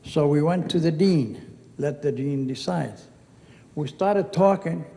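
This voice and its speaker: Older man, Lebanese accent, mellow voice, storytelling speech, long hall reverb. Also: on the high side, slow pace, creaky. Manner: chatty storyteller, acts out quoted dialogue. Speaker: honoree giving acceptance speech. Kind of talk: anecdotal speech. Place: event hall.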